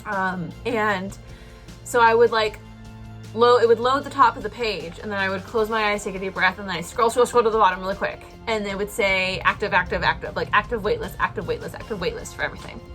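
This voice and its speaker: A woman's voice: mid-range voice, a little fast, fairly bright tone, faint music behind. A young woman telling an emotional personal story to camera, rambling with lots of fillers. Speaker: vlogger.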